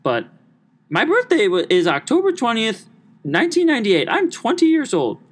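A gushing phone support lady with a thick put-on accent, her voice pitched far above a man's and swooping as she coos, as a man imitates her. She sounds like an older woman, sing-song and eager. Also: huge pitch swings, moderate pace. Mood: giggly.

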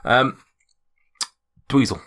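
A man running a tabletop game as game master, chatty and relaxed, with many ums and restarts. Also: extremely slow.

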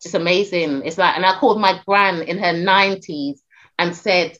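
A middle-aged woman, a talent agent and podcast guest, chatting casually in an animated storytelling way with many restarts and fillers. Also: lowish voice, moderate pace, muffled recording.

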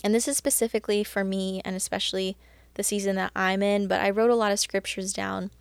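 A woman's voice: medium pitch, little pitch movement, a little fast, gravelly, clear, resonant tone, no echo. Chatty woman giving casual faith talk. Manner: chatty, full of "like" and "you know"; earnest and encouraging. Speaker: Christian podcast host.

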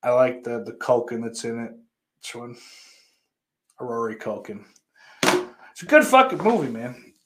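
A man hosts his own movie vlog, showing off his movie purchases in offhand, profane, rambling chat full of fillers, trailing off and restarting. His medium-pitched, slightly bright voice is very animated, a little slow, and pauses often.

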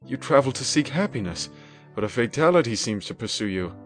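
A man reading the lines of a gentle, grieving older father in a classic audiobook, soft and sorrowful. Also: mid-range voice, expressive, fairly quick, soft background music, pitched above the performer's own voice. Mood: mournful.

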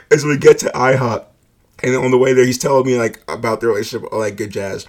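Guy telling a story casually, swears a lot, says like constantly, mid-pitched voice. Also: fairly quick. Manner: laid-back, profane, heavy use of "like", laughs often.

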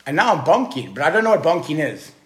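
Profane, excitable male storyteller. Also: on the high side, fast. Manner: profane, excitable storyteller addressing the listener as bro. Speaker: podcast guest. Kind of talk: casual storytelling.

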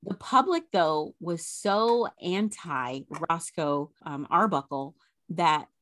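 A woman co-hosting a podcast, telling an old scandal story in a casual, animated way. Her voice sits a little low. The sound is dry and close, with no room echo. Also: slow pace. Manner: animated retelling of a scandal, chatty asides. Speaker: podcast co-host.

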